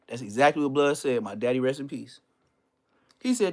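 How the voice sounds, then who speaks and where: A man's voice: medium pitch, fairly quick, long pauses. Laid-back man telling stories from the neighborhood. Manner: loose street slang, animated quoting of others. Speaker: livestream host. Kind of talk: casual storytelling on a livestream.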